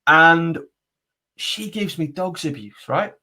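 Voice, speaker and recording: A podcast host from North Wales talks in a lively, slightly higher voice. He teases his guest playfully and often catches and fixes his own slips. The delivery is casual and conversational. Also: slow. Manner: animated, teasing, self-correcting. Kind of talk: casual interview chat.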